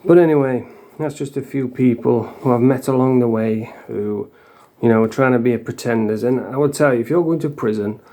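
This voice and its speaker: A man's voice: mid-range voice, fairly quick, warm tone. A man from the Doncaster area with a Yorkshire accent, telling blunt, rambling stories to camera in casual vlog style, swearing often. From Doncaster area, England. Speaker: vlogger.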